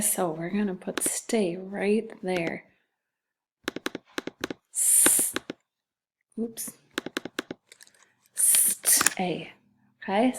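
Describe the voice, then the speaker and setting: A woman's voice: medium pitch, darkish tone, a little hiss or hum. A woman teacher giving a phonics lesson to second graders, patient and sounding out letters and syllables.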